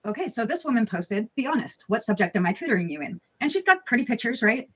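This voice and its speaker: A woman's voice: on the high side, sing-song, fast talker, slightly rough. A woman narrating scripted commentary, reading out posts in a blunt, sarcastic tone and swearing freely. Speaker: video narrator.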